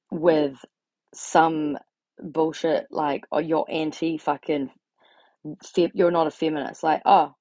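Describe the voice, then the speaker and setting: Low gravelly woman ranting bluntly. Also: darkish tone, dry recording. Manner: blunt, sweary, exasperated. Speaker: vlogger. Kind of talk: ranting casual monologue.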